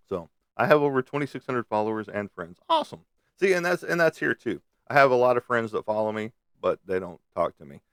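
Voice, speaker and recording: Streaming live from a room at home through his webcam, a middle-aged man with a lowish voice talks bluntly and swears as he drifts between subjects. The sound is clean, studio-like, with no room sound.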